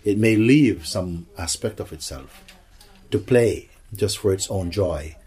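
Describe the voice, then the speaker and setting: A man's voice: deep voice, takes it slowly, darkish tone, breathy edge. A man giving a spiritual satsang talk, playful, slipping into acted voices and laughter. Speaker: spiritual teacher.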